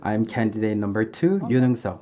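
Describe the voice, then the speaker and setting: A man giving a live English interpretation of a formal debate, pausing often with "uh". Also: on the low side, expressive, mellow. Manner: halting, with frequent "uh" pauses.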